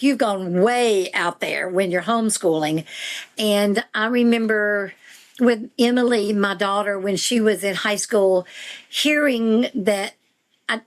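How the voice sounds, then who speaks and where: A woman who is a guest on a podcast, speaking in an earnest, encouraging way as a veteran homeschool mom. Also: on the high side. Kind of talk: podcast conversation.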